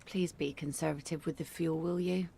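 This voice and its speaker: A woman's voice: low-pitched, steady tone, moderate pace, vocal fry, warm tone, a little hiss or hum. An actress voicing a weary, stern mother in a game, with dry, matter-of-fact warnings. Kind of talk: game voice acting.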